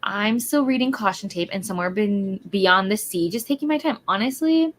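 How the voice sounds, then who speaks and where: A woman talking from her bed at home as she hosts a relaxed reading stream. She chats in an easy, casual way and stops to greet viewers by name. Her voice sits at an ordinary middle pitch. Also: moderate pace, a little hiss or hum. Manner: chatty, reads out chat greetings. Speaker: livestream host. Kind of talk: casual chat.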